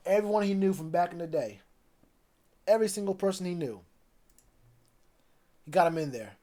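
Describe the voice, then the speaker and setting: A man's voice: high voice, animated, normal speed, pauses often, dark tone. A man chatting loosely on a live stream about football, rambling with plenty of fillers. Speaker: sports streamer. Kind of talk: casual live stream chat.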